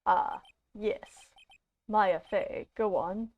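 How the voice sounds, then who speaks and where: A woman's voice: medium pitch, very slow, slight background noise. A puffed-up older law-firm boss, all bluster and self-importance, as a woman puts him on. The drawl wanders and never quite settles. The sound is dull and lo-fi, like a home stream mic. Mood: blustery.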